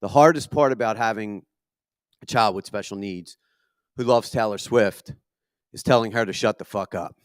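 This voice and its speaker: Profane Philadelphia stand-up comic, dry sound. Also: male voice, on the low side, normal speed, long pauses, no echo. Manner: profane, self-deprecating, punchy delivery with lots of swearing. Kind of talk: stand-up comedy set. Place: comedy venue with a live audience.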